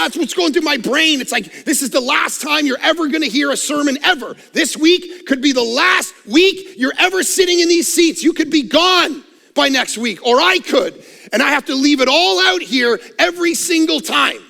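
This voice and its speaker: High, gravelly, fired-up pastor. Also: male voice, normal speed, long reverb tail. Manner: energetic, loud preaching with self-mocking humor. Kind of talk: sermon. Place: church auditorium. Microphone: headset microphone.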